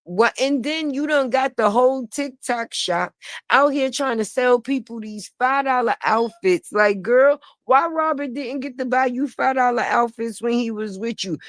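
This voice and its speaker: A woman with a somewhat high voice, talking bluntly and sassily through a livestream commentary, swearing freely and laughing a lot. The sound is close and dry, with no room echo. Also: unhurried. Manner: blunt, sassy and profane, with frequent laughter. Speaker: online commentator. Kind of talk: casual gossip commentary on a livestream.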